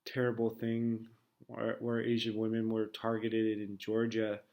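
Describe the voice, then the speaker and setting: American man, 30s, low and gravelly, hesitant reflective monologue. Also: monotone, measured pace, darkish tone. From United States. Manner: hesitant, many fillers and restarts.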